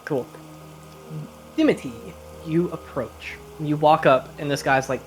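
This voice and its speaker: A man's voice: on the high side, a little slow, slight background noise. A man running a tabletop game, narrating loosely with many fillers. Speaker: game master.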